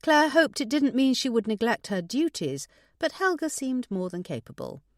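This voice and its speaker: A woman narrating a suspense audiobook in a measured storytelling manner. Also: fairly high pitch, very animated, dry recording, clean studio sound. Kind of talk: scripted narration.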